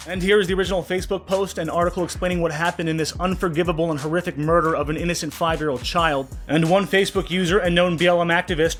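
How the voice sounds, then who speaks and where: A man hosting a commentary vlog, talking with raw anger and swearing, his voice dropping low when upset. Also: a bit bright. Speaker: political commentary vlogger.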